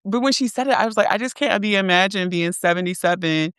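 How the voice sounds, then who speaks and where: A woman's voice: medium pitch, quick pace, fairly bright tone, smooth, no echo, studio quality. Chatty woman hosting a podcast. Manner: laughs easily, chatty and teasing. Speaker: podcast host. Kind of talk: casual chat.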